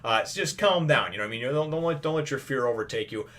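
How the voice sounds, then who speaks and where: A man in the middle of his natural pitch range talks through an episode review off the cuff. He wanders and restarts often, filling gaps with "you know" and tag questions. He has a familiar, preacher-like habit of calling his viewers brothers and sisters. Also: animated, fast talker, a bit bright. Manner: rambling, conversational, full of "you know" and "right?". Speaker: anime episode reviewer, channel host. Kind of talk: casual spoken review.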